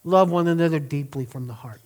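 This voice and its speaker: A man's voice: fairly high pitch, fairly quick, a little mellow. A middle-aged man, preaching a sermon in an earnest, emphatic way and drawing out key words. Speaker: pastor.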